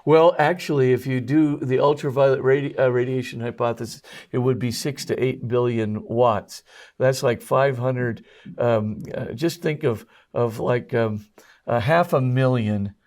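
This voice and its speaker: A man who is a Jesuit priest and scholar, a guest on an interview show, explaining technical details in a halting way full of ums and uhs. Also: medium pitch, fairly even intonation, a little mellow.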